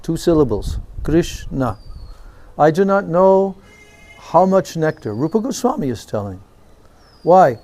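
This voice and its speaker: A swami delivers a devotional talk in an unhurried, reverent way. His voice sits a little high for a man. He lets each phrase land slowly as he recounts a cherished memory. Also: very animated, warm tone. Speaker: swami giving a spiritual talk. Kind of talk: devotional storytelling lecture.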